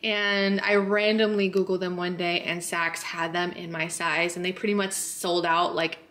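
A woman's voice: lowish voice, level tone, normal speed, a bit bright. A young woman in her twenties chatting bubbly and straight to camera in a casual lifestyle vlog. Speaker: beauty and lifestyle vlogger. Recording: echoey room, faint ambience.

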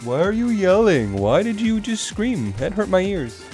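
A put-upon household pet grumbles in a lifted, wobbly voice that swings up and down, as a man puts it on. It sounds pitched well above an ordinary male speaking voice, like an indignant little complaint. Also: very animated, moderate pace, darkish tone, soft background music. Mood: peeved. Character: pet animal, annoyed by the yelling.

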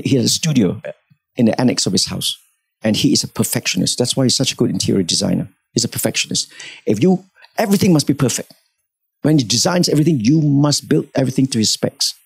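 A man preaching a sermon in church, telling a story with animated delivery and acting out the people in it. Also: medium pitch, creaky, slightly rough, no echo. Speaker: pastor.

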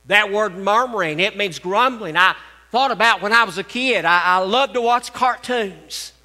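An older man preaches from the pulpit in a homespun, teasing way, circling back to the same phrases. His voice sits high and sounds piercingly bright. A long reverb trails after him through the church. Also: moderate pace. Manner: folksy, joking preaching with repeated phrases. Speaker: pastor. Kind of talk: sermon. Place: church sanctuary.

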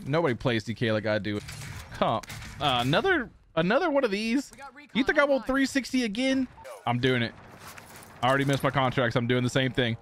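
A man streaming a shooter game, trash-talking, laughing and shouting excitedly as he plays. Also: mid-range voice, a little hiss or hum. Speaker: gaming streamer. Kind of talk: excited gameplay commentary.

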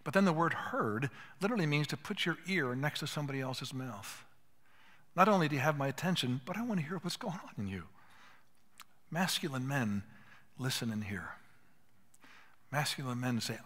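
A man's voice: on the high side, sing-song, fairly quick, fairly bright tone. An older man giving an earnest teaching talk at a conference, emphatic and acting out bits of dialogue. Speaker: conference speaker. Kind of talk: teaching talk to a live audience. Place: conference hall. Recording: hall reverb.

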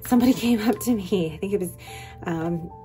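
A young adult woman talks through her purchases in an eager, rambling vlog voice, a little low in pitch. Faint music plays underneath her. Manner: chatty and excited, rambling with quick asides. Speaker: vlogger. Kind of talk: casual haul vlog.

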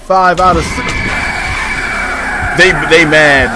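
A young man streaming a horror game, excitable, yelping and pleading with the enemies. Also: sits high, unhurried. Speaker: gaming streamer. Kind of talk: let's play commentary. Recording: game music behind voice. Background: horror game music.

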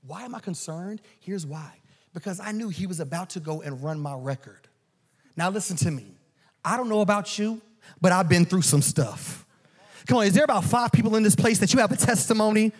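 A man preaching a storytelling sermon in a church, animated and joking. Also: high voice, a little fast, husky. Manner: animated and joking, acts out quoted voices. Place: church auditorium.

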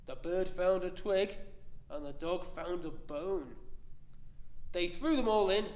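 A man reading a rhyming picture book aloud in a slow, rhythmic delivery. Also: sits high, roomy sound, poor audio. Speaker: library staff reader.

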